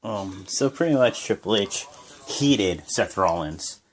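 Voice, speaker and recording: A man's voice: on the low side, animated, takes it slowly. A sleepy young man giving rambling, casual reaction commentary, often stopping to correct himself. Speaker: wrestling reaction vlogger.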